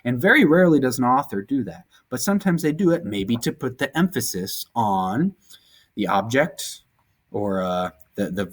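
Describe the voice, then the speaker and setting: Guy teacher walking thru slides, casual and chatty, keeps checking in with quick okays. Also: medium pitch. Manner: conversational, explains terms with casual asides and quick rhetorical checks. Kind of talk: recorded classroom lecture over slides.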